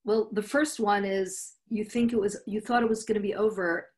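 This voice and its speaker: A woman's voice: medium pitch, fairly even intonation, moderate pace, darkish tone. A woman interviewer who mostly gives brief affirmations, then muses aloud and asks questions. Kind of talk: conversational interview.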